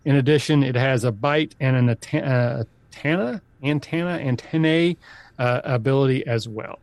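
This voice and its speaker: Male podcast host, casual chat, animated, dry close sound. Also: no echo. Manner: animated, quick laughs, high exclamations. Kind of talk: casual improv game chat.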